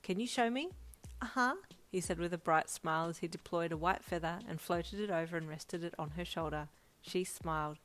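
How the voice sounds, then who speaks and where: Woman reading fanfic aloud, kinda low voice, lively storytelling. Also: a little fast. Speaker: fanfic audio narrator. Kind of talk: second-person story narration.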